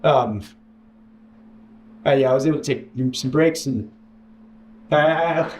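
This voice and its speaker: A man telling a painful personal story as an interview guest, halting and restarting, quoting others in a raised voice. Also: a little mellow. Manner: halting, many restarts, mimics others in higher voice. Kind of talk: emotional personal account. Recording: echoey room with faint hiss.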